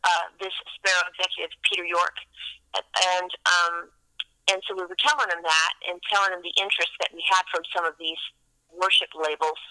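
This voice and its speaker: A woman's voice: on the low side, little pitch movement, a little fast, sharp tone, poor audio. A middle-aged woman, a singer-songwriter guest, telling her story in a radio interview, rambling and hesitant with many fillers and restarts.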